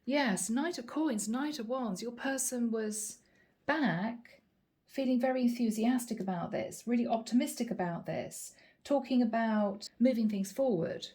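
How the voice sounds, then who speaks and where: Mellow-voiced woman doing a tarot reading. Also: fairly high pitch. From Ireland. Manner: chatty, drawn-out emphatic phrasing. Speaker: tarot reader.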